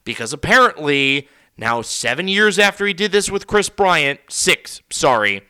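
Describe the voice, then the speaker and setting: A man's voice: a little high, very animated, unhurried, bright, forceful tone, clear, resonant tone. A man hosting a solo sports podcast from a studio, ranting heatedly and sarcastically. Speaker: podcast host. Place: recording studio.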